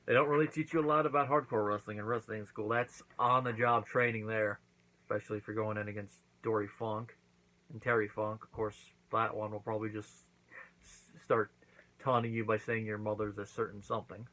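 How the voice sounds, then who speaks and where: A man's voice: fairly low pitch, little pitch movement, fairly quick, pushed and bright, poor audio. A man hosting his own channel, casually recapping and reviewing a wrestling event, acting out quotes as he goes. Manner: chatty recap with acted-out quotes.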